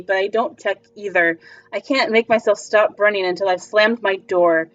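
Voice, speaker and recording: A woman's voice: medium pitch, steady tone, moderate pace. Woman reading a visual novel aloud. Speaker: game player and reader. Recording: slightly dull lo-fi recording. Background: faint music.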